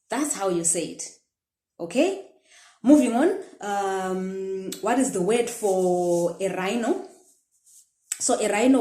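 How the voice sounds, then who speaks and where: A woman teaching a language lesson, sounding out words slowly and carefully in repeated drills. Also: mid-range voice, expressive, warm tone. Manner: slow, careful pronunciation drills. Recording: echoey room.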